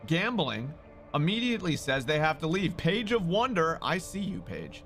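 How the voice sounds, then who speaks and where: A man live-streaming who talks loudly and excitably, swearing and greeting viewers in chat. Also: on the high side, moderate pace, faint music behind.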